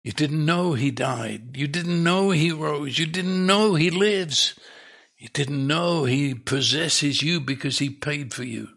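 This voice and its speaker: A male preacher with a gravelly, husky voice delivers an unhurried sermon. He repeats words for emphasis and lifts his pitch as his excitement builds.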